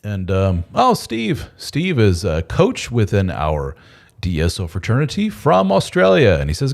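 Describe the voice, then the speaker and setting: A man's voice: on the low side, huge pitch swings, measured pace, creaky, a little mellow. A man hosting a casual live stream, talking in a loose, rambling and candid way with mild swearing. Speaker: host of a men's support channel.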